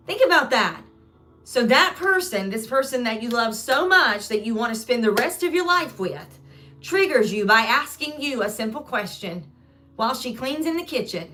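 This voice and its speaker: Earnest woman life coach, higher voice. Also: animated, normal speed, pushed and bright, soft background music. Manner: earnest, acts out everyday dialogue. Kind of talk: live coaching talk.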